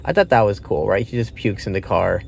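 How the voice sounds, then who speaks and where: A man talks through a film review in a loose, rambling way, swearing freely and stumbling over his thoughts. His voice sits low with a gravelly, creaky edge. A faint hiss of noise runs under the recording. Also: lively intonation, a little fast. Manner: rambling, profane, with fillers and restarts. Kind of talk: casual spoken movie review.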